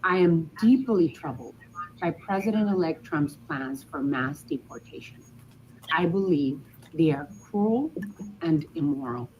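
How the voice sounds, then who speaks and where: A woman's voice: fairly low pitch, darkish tone, slight background noise, rough recording. Earnest woman reading a prepared statement. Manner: earnest, measured. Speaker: mayor.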